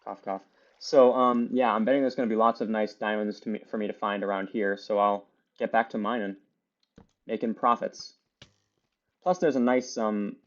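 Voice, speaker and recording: A man's voice: on the low side, highs cut off. A man giving casual, chatty play-by-play commentary while he plays a video game, rambling with lots of fillers. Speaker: gaming video creator.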